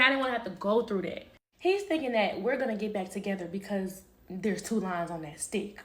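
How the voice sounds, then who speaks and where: A woman telling a personal story in a casual, slangy way, talking straight to her viewers. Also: mid-range voice.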